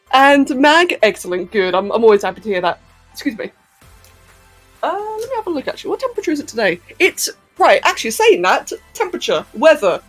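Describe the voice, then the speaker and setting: A woman's voice: sits high, big pitch swings, brisk, soft background music. A woman chatting casually on a live stream, hyper and giggly, answering chat messages as she goes.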